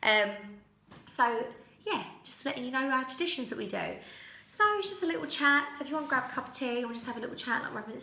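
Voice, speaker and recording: A chatty woman, rambling happily through stories to camera. Her voice sits a touch high and sounds bright and forward. The sound is echoey, as if recorded in a bare room. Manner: chatty, rambling, warm storytelling with fillers. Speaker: lifestyle vlogger. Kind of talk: relaxed sit-down chat to camera.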